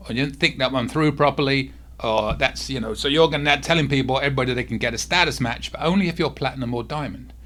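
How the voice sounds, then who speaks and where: A man hosting a casual cruise vlog at home, talking softly because his face is sore, with frequent asides to a restless cat. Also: medium pitch. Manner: talks softly, easily distracted by a restless cat.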